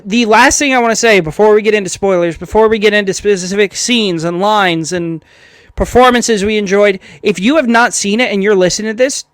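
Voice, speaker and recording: Excitable young man, high voice. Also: no echo. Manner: excitable, slangy, fast bursts. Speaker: podcast co-host. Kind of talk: casual chat.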